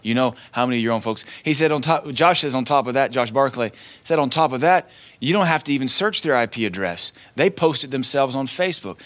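A man preaching a sermon in an easy, conversational way. He slips into short acted quotes along the way, and his voice sits at an everyday middle pitch. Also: lively intonation, fairly quick, a bit bright. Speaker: pastor.

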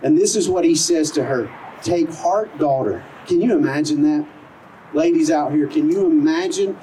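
A man's voice: fairly high pitch, moderate pace, warm tone, far from the mic, slight background noise, poor audio. A middle-aged man preaching an outdoor sermon as pastor, earnest and conversational, full of rhetorical questions. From American South. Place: outdoor service in a parking lot.

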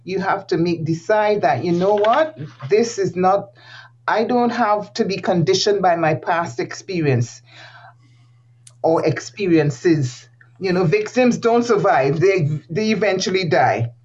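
A woman's voice: lowish voice, unhurried, darkish tone. A woman guest speaks earnestly in a conversational interview, stressing her points and repeating key phrases, with frequent light laughs. Her voice comes through slightly dull, lo-fi audio.

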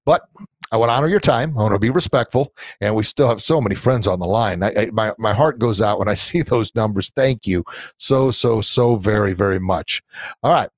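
A man's voice: fairly low pitch, brisk, dry recording. A middle-aged man hosting a live-streamed podcast, talking earnestly and sentimentally, rambling with many fillers and restarts. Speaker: podcast host and anti-bullying coach.

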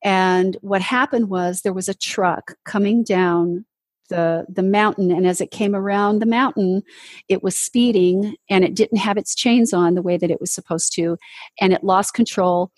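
Husky-voiced woman telling her story. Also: mid-range voice, steady tone, unhurried, dry recording. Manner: storytelling, earnest, acts out quoted voices. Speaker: interview guest, ministry leader. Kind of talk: personal testimony in conversation.

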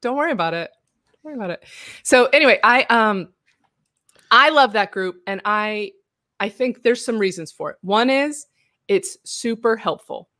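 A woman's voice: a little high, normal speed, no echo. Chatty American woman hosting, dry sound. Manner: chatty, laughs often, animated asides. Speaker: host. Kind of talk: casual livestream chat.

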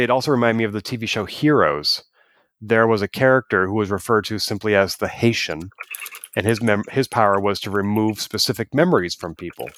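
A man co-hosting a podcast, chatting in a casual, animated way and acting out quoted lines as he tells stories. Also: on the low side, dry recording, clean studio sound. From United States. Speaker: podcast co-host. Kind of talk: casual review chat.

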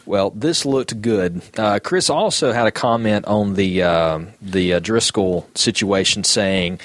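A man hosting a casual podcast chat, talking in a halting way with many fillers as he reads out listener comments. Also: fairly low pitch, dry recording. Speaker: podcast host.

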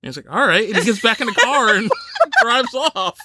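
Bright, lively man telling stories. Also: extremely high pitch, moderate pace, husky, no room sound. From New Jersey. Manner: animated storyteller, acts out quoted people. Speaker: podcast host. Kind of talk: casual podcast chat.

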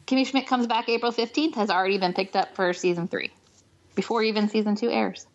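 A woman's voice: medium pitch, a little fast, highs cut off. A woman co-hosting a podcast, dropping wry, teasing remarks into the conversation. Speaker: podcast co-host. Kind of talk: casual podcast chat.

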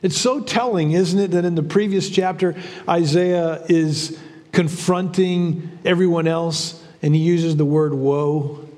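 A man's voice: on the high side, measured pace, darkish tone, big-room sound. A man preaching a sermon as pastor, in a conversational style with frequent repeats and restarts.

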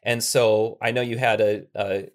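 Man, podcast host, low voice, careful, measured, thinking aloud. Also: flat delivery. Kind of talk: casual podcast interview.

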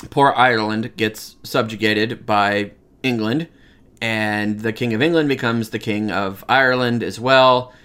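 A man gives a loose, talky history lesson in a mid-range voice. He often restarts his phrases and drops into quick, playful mock dialogue to make a point. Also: medium pitch, fairly bright tone. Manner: conversational, acts out quoted voices, many restarts. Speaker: history teacher. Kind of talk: informal history lecture.

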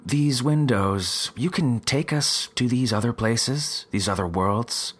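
A man's voice: mid-range voice, slow, pitched above the performer's own voice. A man reading as a haughty female vampire scholar. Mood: eager. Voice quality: husky.

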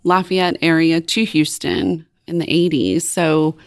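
A woman's voice: low-pitched, level tone, unhurried, dry recording, clean studio sound. A woman with a Cajun Louisiana accent, a guest on a podcast, giving friendly, short answers. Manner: friendly, brief replies with light laughs. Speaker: interview guest. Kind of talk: casual interview chat.

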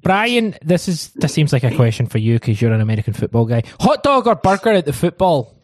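A man hosts a casual panel chat, laughing often and steering the conversation from one segment to the next. His voice sits at an ordinary pitch. The sound is close and dry. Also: big pitch swings, brisk, dry recording. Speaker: podcast host.

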